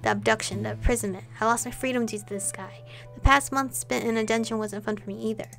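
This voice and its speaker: A woman's voice: fairly high pitch, fairly even intonation, quick pace, fairly bright tone, soft background music. A woman reading a visual novel aloud, voicing every character and adding her own asides and laughs. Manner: reads dialogue and narration with side comments and laughs. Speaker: game playthrough reader.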